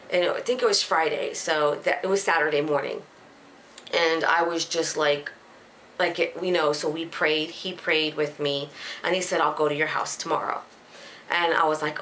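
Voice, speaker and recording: A young adult woman earnestly retelling a frightening personal experience, halting and emotional, with frequent restarts. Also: deep voice, a bit bright, slight background noise. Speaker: storyteller. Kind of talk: casual personal story.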